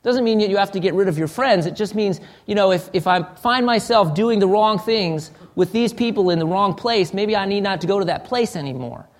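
A man preaching a sermon in an earnest, searching way, often restarting phrases and sinking to a soft, low voice. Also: a little fast, few pauses. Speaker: pastor.

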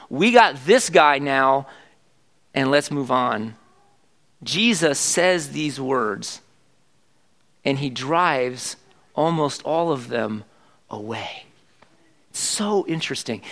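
A middle-aged pastor with a high, fairly bright voice preaches a sermon conversationally. As he goes, he asks his congregation questions.

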